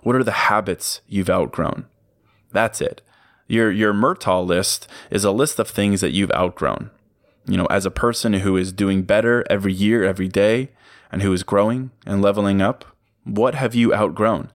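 A young man with a very low voice talks through a motivational podcast episode on his own. He keeps it loose and chatty, recorded close and dry with no room sound. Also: moderate pace, dry recording. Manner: casual, upbeat, chatty with laughs and fillers. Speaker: podcast host. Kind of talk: solo motivational podcast talk.

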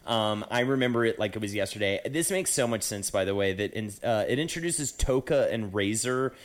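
A man's voice: lowish voice, lively intonation, brisk. Laid-back man chatting on a podcast. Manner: chatty, loose, swears, lots of fillers. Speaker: podcast co-host. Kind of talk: casual chat.

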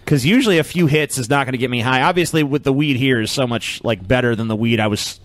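A man's voice: medium pitch, fast. A man co-hosting a podcast, chatting casually in a brash, swearing, laughing way. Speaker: podcast co-host.

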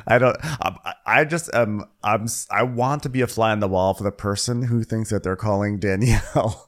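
A man's voice: on the low side, moderate pace. A man co-hosting a podcast, giving wry, rambling asides in a casual recap chat. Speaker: podcast co-host.

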